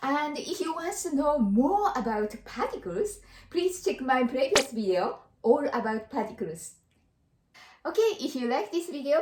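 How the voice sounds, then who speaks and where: A Japanese woman gives a casual lesson in English, her voice sitting a little high and moving a lot between notes. She repeats short example phrases and keeps slipping in little Japanese fillers. The room has a clear echo. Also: darkish tone. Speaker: Japanese teacher.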